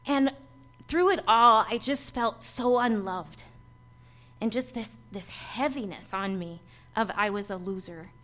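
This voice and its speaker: A woman pastor preaching a sermon and telling a personal testimony, swinging from hushed to emphatic. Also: medium pitch, measured pace.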